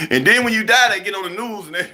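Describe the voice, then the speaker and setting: A young man ranting heatedly to camera in a profane monologue, acting out other people as he goes. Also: high-pitched. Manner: animated, heated, swearing, acts out other people. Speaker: vlogger.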